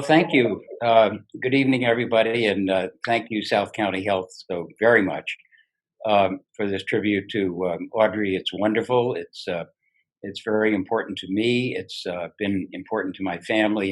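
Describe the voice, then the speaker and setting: Low-voiced man, halting speech. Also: steady tone, low-quality recording. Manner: hesitant, many fillers. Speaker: honoree's husband. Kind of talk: thank-you speech.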